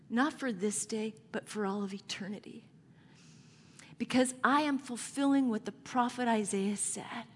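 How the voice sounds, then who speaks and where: A woman preacher voicing Jesus speaking from the cross, soft and hushed, in a sermon. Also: mid-range voice, slight background noise, lightly acted. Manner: soft, hushed, pleading first-person address. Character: adult male Jesus speaking from the cross, tender and suffering. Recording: long hall reverb.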